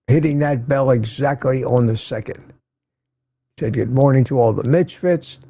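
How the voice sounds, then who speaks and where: A man's voice: mid-range voice, moderate pace, warm tone, husky. An older man hosting a casual morning livestream, chatting and greeting viewers by name as he reads their comments. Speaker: livestream host.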